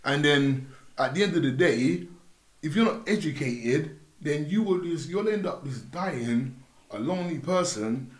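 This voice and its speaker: A young man with a London accent telling stories in a casual podcast chat, animated and acting out the voices in his anecdotes. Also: a little high, measured pace. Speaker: podcast guest. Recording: roomy room.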